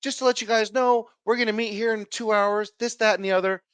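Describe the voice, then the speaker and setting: A brisk, matter-of-fact school principal making announcements, as a man puts the voice on mid-story. The voice sits a little higher than his own and is recorded close and dry. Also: steady tone, a bit bright, clean tone, dry recording. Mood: businesslike.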